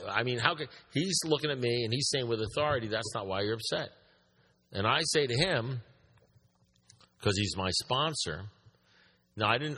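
A man with a husky, fairly low voice tells a story to a group in an echoey meeting hall. He drives his points home by repeating them and firing questions at the listeners, with a long reverb trailing each phrase. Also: sharp tone. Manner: emphatic, repeats points, asks the room questions. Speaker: recovery meeting speaker.

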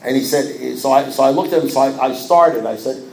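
Animated self-mocking male storyteller, echoey room. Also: mid-range voice, fairly quick, gravelly. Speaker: speaker sharing his recovery story. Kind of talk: personal testimony to a group.

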